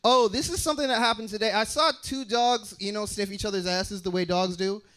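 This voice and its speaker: A young stand-up comic from Utah moves fairly quickly through his routine, swinging from loud, high-pitched character impressions down to low asides, all with animated energy.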